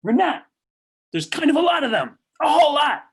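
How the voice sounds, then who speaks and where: A woman's voice: high-pitched, big pitch swings, fairly quick. A woman voicing a brutal, vulgar male riot policeman in a staged play reading, barking orders with a sneer. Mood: cold.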